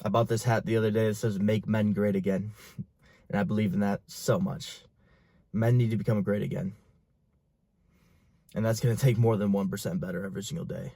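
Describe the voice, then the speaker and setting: A man's voice: lowish voice, fairly even intonation, a little fast, creaky, pauses often, mellow, dry recording, studio quality. Young man giving a blunt, profane pep talk. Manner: intense, profane, pushy motivational talk. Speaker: fitness and business coach. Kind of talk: motivational talk to camera.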